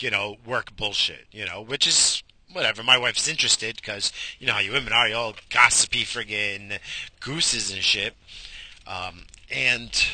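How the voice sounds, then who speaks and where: A man rants his way through a story while driving, swearing freely and circling back on himself. His voice is very bright and tense, and the sound is close and dry with no room around it. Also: medium pitch, no echo. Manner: rambling, profane, exasperated ranting. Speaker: podcast host. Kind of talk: casual storytelling monologue.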